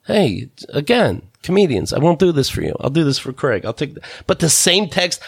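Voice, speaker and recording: A man hosting a podcast, telling a story in an animated, profane rant and laughing between bursts. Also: a little high, moderate pace, vocal fry, few pauses, husky, no echo, studio quality. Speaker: podcast host. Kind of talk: casual ranting storytelling.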